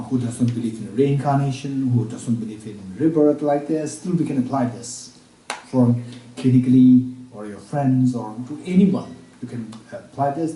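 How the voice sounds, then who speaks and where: A man teaching Buddhist practice at a retreat, repeating each point slowly as if dictating, with halting restarts and check-ins with his listeners. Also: mid-range voice, warm tone, slight background noise. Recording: roomy room, speaker far from mic.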